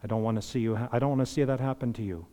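A man preaching a sermon as pastor, impassioned, swinging between loud emphasis and hushed earnestness. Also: mid-range voice, fairly even intonation, rapid-fire. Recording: long reverb of a large hall.

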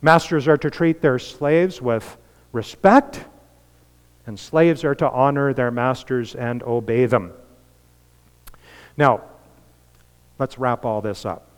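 A man delivers a sermon from the pulpit, his voice mid-pitched and earnest. He swells to emphatic peaks and then sinks to soft, quiet lines. The sound carries the long reverb of a large church hall. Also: takes it slowly, long pauses, clear, resonant tone. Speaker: pastor.

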